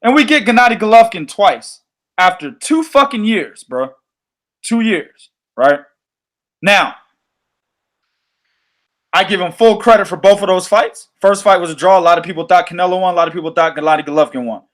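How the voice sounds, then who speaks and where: A man hosting a boxing podcast, ranting in a loose, profane, animated way. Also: high-pitched, moderate pace, long pauses. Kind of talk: casual podcast chat.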